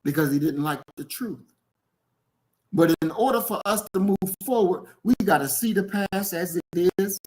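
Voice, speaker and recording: A man's voice: high voice, normal speed, low-quality recording. Blunt, emphatic man hosting a book talk. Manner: blunt, forceful and emphatic, repeats points for weight. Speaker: host discussing a book. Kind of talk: casual podcast discussion.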